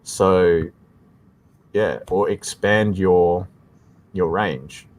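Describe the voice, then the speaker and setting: A man with an Australian accent co-hosts a live tech question stream, talking in a casual, explanatory way. His voice sits low, and he keeps circling back with "like I said". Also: drawn-out words, a little mellow. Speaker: tech support co-host.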